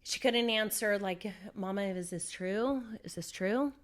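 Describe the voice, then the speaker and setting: A woman from Southern California, an interview guest recounting a personal story, animated and acting out what people said. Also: medium pitch, measured pace. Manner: animated storyteller, acts out her own quotes.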